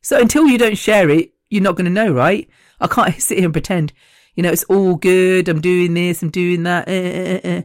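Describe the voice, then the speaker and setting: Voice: mid-range voice, level tone, normal speed, no echo, clean studio sound. A podcast host in their fifties, talking in a blunt, profane personal monologue and often groping for words. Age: 50s.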